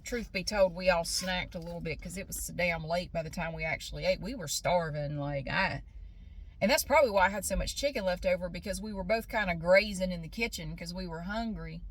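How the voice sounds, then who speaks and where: A middle-aged woman rambles through a casual vlog, talking to the camera as if to a friend. Her voice sits a little high and she breaks into laughs often. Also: a bit bright. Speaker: vlogger.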